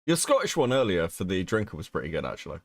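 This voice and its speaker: A British man co-hosting a podcast, laughing, swearing and reacting excitedly in casual chat. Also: sits low, quick pace, vocal fry, dry recording. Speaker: podcast co-host.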